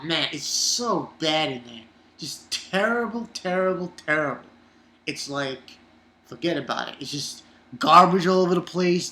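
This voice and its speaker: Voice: mid-range voice, sharp tone. An anime reviewer recapping an episode in a rambling, casual way, swearing and using lots of fillers. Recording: roomy echo.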